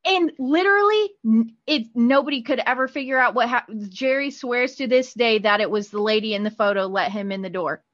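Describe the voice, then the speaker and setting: A woman's voice: a little high, a little fast, fairly bright tone, dull audio. A woman hosting a podcast, chatting through a story with lots of "like" fillers. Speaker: podcast host. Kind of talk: casual storytelling.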